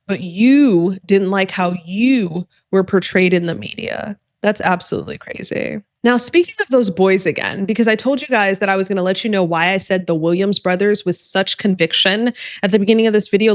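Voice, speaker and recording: Woman, lawyer, reaction commentary, blunt, sarcastic, emphatic, mid pitch. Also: brisk, hardly any pauses. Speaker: lawyer reacting to true crime.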